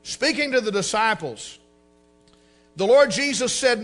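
A man preaching a sermon with fervor, his voice climbing into shouts. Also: very high voice, lively intonation, a little slow, faint music behind. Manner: fervent, rising to shouts.

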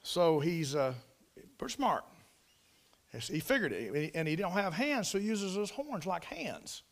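A high-pitched man, telling a barnyard story with a folksy drawl. His voice swoops up and down a lot as he spins it out like a preacher. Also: unhurried. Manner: folksy, animated, drawling country talk.

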